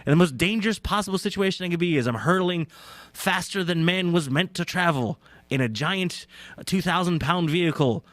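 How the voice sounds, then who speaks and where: A young man talks alone in a casual, rambling way, pausing often with "uh" and poking fun at himself. His voice sits at an ordinary pitch for a man. The sound is close and dry, with almost no room echo. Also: a bit bright. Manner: rambling, self-deprecating, many fillers. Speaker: podcast host. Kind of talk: casual solo talk. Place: indoors, on a couch.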